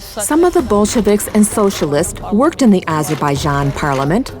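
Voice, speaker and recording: A woman giving calm, explanatory scripted narration for a historical documentary. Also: mid-range voice, moderate pace. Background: music.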